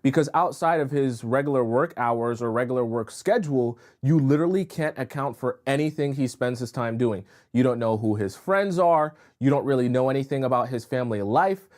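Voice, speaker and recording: A man hosting a casual live-stream dating advice session, talking straight to his viewers. He is frank and chatty, reacts to comments as they come in, and keeps checking in with a quick "right?" at a middle pitch. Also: darkish tone. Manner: chatty, reads and answers viewer comments aloud; frank, repeats phrases and fills with "uh" and "right?". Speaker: dating coach.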